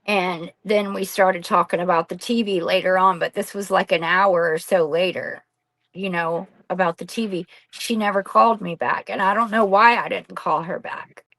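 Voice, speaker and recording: A woman's voice: on the low side, steady tone, normal speed, vocal fry, fairly bright tone, poor audio. Candid woman telling a hard story. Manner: candid, rambling, reenacts dialogue, swears casually. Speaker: guest. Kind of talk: emotional personal storytelling.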